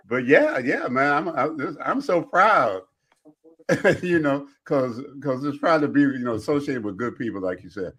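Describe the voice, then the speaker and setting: Middle-aged male guest, laid-back and laughing, ordinary pitch, casual chat. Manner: easygoing, laughs often. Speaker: guest, radio host.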